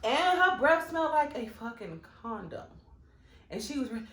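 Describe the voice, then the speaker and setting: Woman host, casual, lively pitch, blunt and profane, echoey room. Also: moderate pace. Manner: blunt, joking, profane interjections. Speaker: mukbang host. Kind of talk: casual chat.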